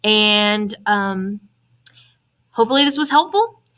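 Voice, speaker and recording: A woman's voice: mid-range voice, expressive, slow, fairly bright tone. A woman teaching a recorded Spanish grammar lesson, upbeat and talking students through each step.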